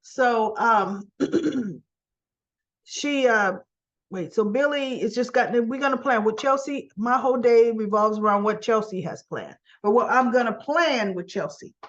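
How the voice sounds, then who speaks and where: A woman casually retelling soap opera scenes, chatty, often clearing her throat and acting out bits of dialogue. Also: fairly high pitch, unhurried, dull audio. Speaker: soap opera recap host.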